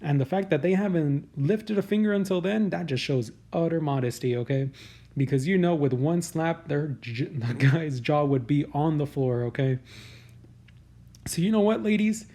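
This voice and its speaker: A man's voice: on the high side, moderate pace, dark tone. A man hosting a comedy news podcast, riffing on headlines in a casual, crude, sarcastic way. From United States. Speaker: podcast host.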